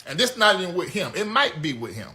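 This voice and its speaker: An American man hosting a comedic commentary show, ranting bluntly with loud outbursts. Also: high voice, quick pace. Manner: animated, blunt, yelling outbursts. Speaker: host.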